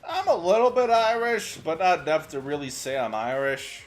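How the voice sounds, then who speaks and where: A young man streaming a game, chatting with his viewers as he plays and breaking into sudden excited outbursts. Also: fairly high pitch, moderate pace, faint music behind. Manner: chatty, answers chat while playing, sudden excited outbursts. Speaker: VTuber streamer. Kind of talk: gaming livestream commentary.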